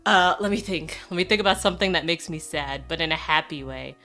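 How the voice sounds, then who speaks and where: A woman's voice: deep voice, a little fast, bright, forceful tone, soft background music. A young adult woman streaming live, chatting casually and playfully, laughing often and swearing now and then. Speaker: VTuber streamer.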